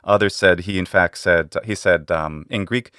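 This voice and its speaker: A man's voice: low voice, normal speed, pushed and bright, clean tone, no room sound, clean studio sound. A man acting as linguist quiz guest, patiently explaining names and running a game. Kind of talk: explaining, quizzing.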